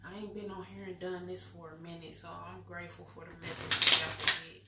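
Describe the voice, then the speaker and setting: A woman's voice: fairly low pitch, level tone, a little fast. A woman doing a casual spiritual card-reading chat, loose and profane, talking to herself. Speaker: intuitive card reader. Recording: roomy echo, distant from mic, faint noise.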